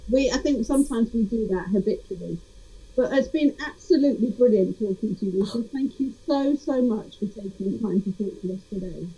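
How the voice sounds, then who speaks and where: A woman's voice: mid-range voice, a little fast, mellow, slightly rough. A woman hosting an interview, chatting in a friendly, talkative way with rambling asides. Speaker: host. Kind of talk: casual interview chat. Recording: dull lo-fi sound.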